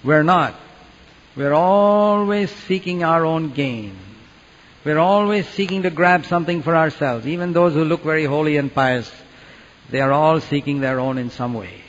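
A man preaches earnestly, dropping to a hush and then rising to loud, dramatic peaks. His fairly high voice rings through a long hall reverb, and the recording sounds dull and muffled. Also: normal speed. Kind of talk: sermon.

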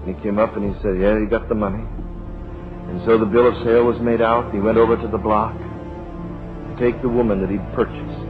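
A man preaching a sermon, telling a story dramatically and dropping to a hush at key moments. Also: lowish voice, fairly even intonation. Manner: dramatic, slows and drops to a hush. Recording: dull lo-fi recording with music.

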